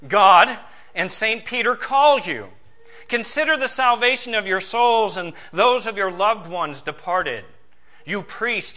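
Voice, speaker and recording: A man's voice: high-pitched, pitched above the performer's own voice, full character voice. A man playing a fiery, pleading old-time preacher. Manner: loud, imploring, declamatory. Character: fiery medieval male indulgence preacher, pleading.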